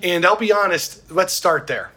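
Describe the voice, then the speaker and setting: Husky, slightly high male host, animated and opinionated in casual chat. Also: normal speed. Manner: animated, opinionated, laughs easily. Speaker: podcast host. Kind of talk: casual chat about film and wine.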